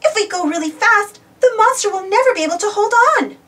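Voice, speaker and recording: A woman's voice: very high-pitched, lively intonation, fairly quick, fairly bright tone, voice pushed up. A woman voicing a bold young female submarine pilot who barks commands in a storybook read-aloud, heard from a distance. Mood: commanding. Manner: commanding, exclaiming.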